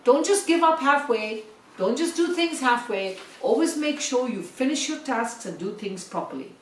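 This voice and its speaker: A woman telling a story to children, animated and talking directly to her young listeners. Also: sits high, moderate pace, distant mic. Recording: roomy echo, set back from the mic.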